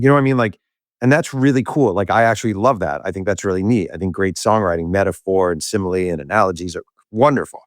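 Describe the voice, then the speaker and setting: A man's voice: fairly low pitch, fast, no echo, studio quality. A man, an author, telling a story in a casual interview and acting out the voices of the people in it. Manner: animated storyteller who acts out quoted voices. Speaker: author and podcast guest.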